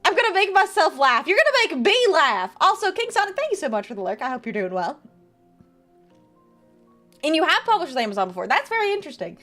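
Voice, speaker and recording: A woman's voice: sits high, sing-song, a little fast, pauses often, bright, forceful tone, faint music behind. A woman streamer in casual live chat, giving tarot card readings to viewers in a playful, teasing way. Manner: playful, chatty, reads viewer messages aloud and teases.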